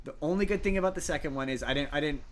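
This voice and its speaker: A man's voice: a little high, racing, a crowd in the background. Male podcast co-host, casual and argumentative, stammering restarts. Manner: argumentative, many restarts and repeated words. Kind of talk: casual chat.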